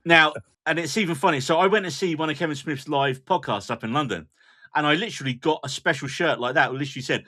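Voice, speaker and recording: A man's voice: a little high, quick pace, pushed and bright. A man hosting a podcast in casual chat, telling self-mocking stories and moving the talk to the next topic. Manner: chatty, self-mocking anecdotes, steers the topics. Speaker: podcast host.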